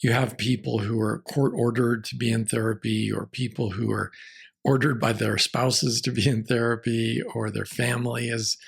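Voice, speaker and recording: Gravelly, husky-voiced male therapist. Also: mid-range voice, flat delivery. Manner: measured, reflective, with occasional restarts. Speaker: marriage and family therapist, guest. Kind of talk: conversational interview answers.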